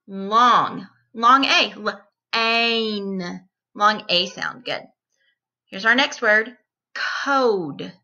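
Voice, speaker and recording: Slow, bright-voiced woman teaching phonics. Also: mid-range voice, expressive. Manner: slow, deliberate, repeats each word and sound. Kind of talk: distance-learning phonics lesson for young children.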